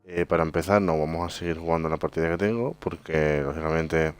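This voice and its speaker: Casting: a laid-back Spanish gaming host with a Spain accent, deep and resonant, chatty with fillers. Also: male voice, quick pace, clean tone, no room sound, soft background music. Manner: relaxed, chatty, hesitant fillers. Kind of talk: casual gameplay commentary.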